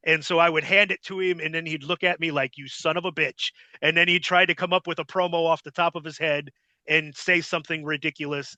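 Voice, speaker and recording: A middle-aged man, a podcast host, telling stories in an animated, casual way and acting out quotes, on a close mic. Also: on the high side, no echo. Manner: animated, repeats words, acts out quotes. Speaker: podcast host, former ring announcer. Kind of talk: casual storytelling.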